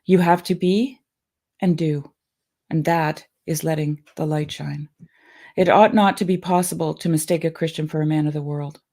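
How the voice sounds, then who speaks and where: Earnest woman reading a sermon, mellow. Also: deep voice, fairly even intonation, moderate pace. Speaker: guest reading sermons aloud. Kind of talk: reading a sermon aloud, then casual chat.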